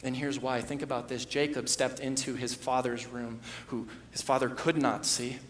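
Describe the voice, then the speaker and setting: A man preaching a sermon as pastor, moving from hushed storytelling to loud, impassioned emphasis. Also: mid-range voice, little pitch movement, moderate pace, echoey room, slight background noise. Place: church sanctuary.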